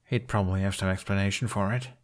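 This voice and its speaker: A man's voice: deep voice, fairly even intonation, quick pace, lightly acted. A man reading the lines of a playful, earnest young man with a bashful, teasing tone. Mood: gentle.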